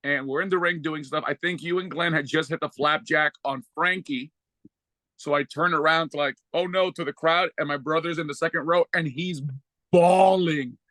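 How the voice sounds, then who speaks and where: Bright-voiced excited young man. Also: fairly high pitch, no room sound, poor audio. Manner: excited, fast, vivid comparisons. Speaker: podcast guest, wrestler. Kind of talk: casual chat.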